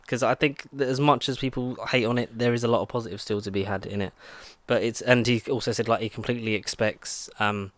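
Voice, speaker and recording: A man's voice: medium pitch, steady tone, fast talker, hardly any pauses, no room sound. Guy chatting on a podcast, rambly, lots of um and like, dry close sound. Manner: rambling, many fillers and restarts. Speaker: podcast co-host. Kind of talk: casual chat.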